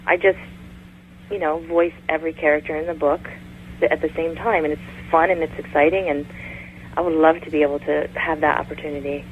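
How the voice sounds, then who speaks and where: A woman's voice: low-pitched, steady tone, a little fast. A woman guest in a casual interview, chatty and long-winded. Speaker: voice actress guest. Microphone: phone call. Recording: tinny phone line with faint noise.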